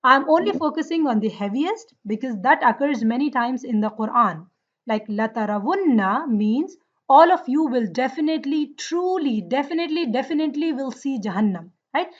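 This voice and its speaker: A woman's voice: sits high, lively intonation, normal speed, muffled recording. A woman teaching Arabic grammar in an online class, explaining patiently and often checking that her students follow.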